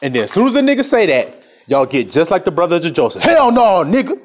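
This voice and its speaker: A man delivering a fiery, profane sermon, swinging from low mutters to shouts. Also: huge pitch swings, fast talker. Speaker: self-styled preacher. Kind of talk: fiery street-style sermon.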